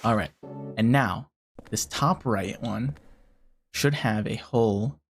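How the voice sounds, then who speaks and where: A game streamer giving casual live commentary, talking a puzzle through out loud and swearing often in frustration. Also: medium pitch, slow pace, faint music behind.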